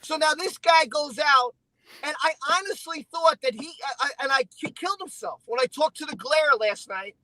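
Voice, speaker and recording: Man venting, emotional and heated, high pitched, bright voice, dry close sound. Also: normal speed, no echo, poor audio. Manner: heated, emotional, repeats himself. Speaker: stream guest. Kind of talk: casual chat.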